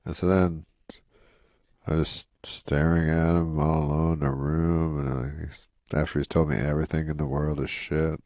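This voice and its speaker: A man's voice: rumbling low, level tone, normal speed, darkish tone, no room sound. A man telling a rambling anecdote in an interview, dry and full of "you know.". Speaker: guest comedian.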